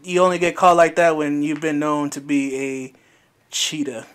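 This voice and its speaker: Podcast co-host, young man with a high voice; loose, swearing, laughing storyteller. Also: steady tone, normal speed, crowd noise. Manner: profane, laughing, acts out quoted voices. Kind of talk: casual chat, storytelling.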